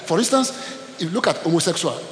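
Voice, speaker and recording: A man preaching with dramatic, animated delivery, his voice sitting a little high. He is heard in a large echoing hall with a long reverb tail. A faint hiss runs under the recording. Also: fast talker. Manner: animated, dramatic, acts out scenes. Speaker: pastor. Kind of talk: sermon.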